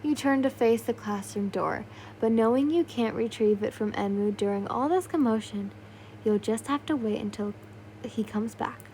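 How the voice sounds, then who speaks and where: A woman's voice: fairly high pitch, normal speed, darkish tone, slight background noise, low-quality recording. A young woman narrating a fan fiction story in a loose, unpolished way, with yawns, slips and little asides. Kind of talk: casual fan fiction reading.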